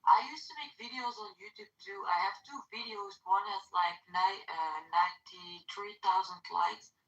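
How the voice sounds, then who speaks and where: A woman's voice: medium pitch, normal speed, fairly bright tone, muffled recording. A woman calling into a casual group chat, hesitant and full of fillers. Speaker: caller in an audio chat room. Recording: echoey, distant call audio.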